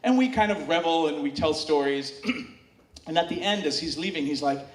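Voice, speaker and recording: Male live storyteller, chatty, crowd-baiting, full of fillers; fairly high voice, echoey distant room sound. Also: lively intonation, normal speed. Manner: banters with the audience and prompts them to shout answers; chatty, frequent fillers and restarts. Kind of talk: live comedic storytelling on stage. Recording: echoey room, heard from off-mic.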